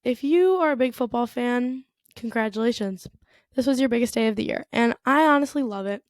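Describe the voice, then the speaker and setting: A woman's voice: a little high, brisk, no room sound, studio quality. A young American woman hosting her own podcast, talking casually and chattily, full of "like" and "you know". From United States. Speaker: podcast host. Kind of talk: casual solo podcast monologue.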